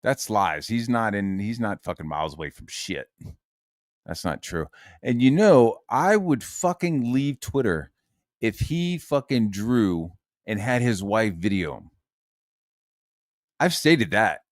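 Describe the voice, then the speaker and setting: A man's voice: fairly low pitch, animated, slow pace, no echo, clean studio sound. A man streaming from his room, ranting casually and swearing a lot. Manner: profane and heated, lots of swearing.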